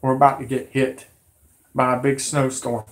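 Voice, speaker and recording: Hoarse man ranting agitatedly. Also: medium pitch, little pitch movement, normal speed. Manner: agitated, repetitive, pleading. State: hoarse, sick voice. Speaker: conspiracy vlogger. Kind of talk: rambling monologue to camera.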